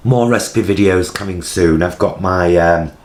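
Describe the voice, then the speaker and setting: A man's voice: sits low, moderate pace, darkish tone. A British man in his forties vlogging from his home kitchen, chatting casually to camera in a rambling, self-mocking way, recorded on his vlogging camera. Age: 40s.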